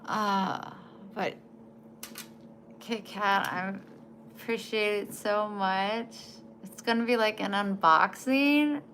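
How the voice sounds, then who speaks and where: A woman in her forties chatting casually to camera, emotional and halting, often trailing off and starting again. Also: medium pitch, a bit bright, a little hiss or hum. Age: 40s. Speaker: vlogger.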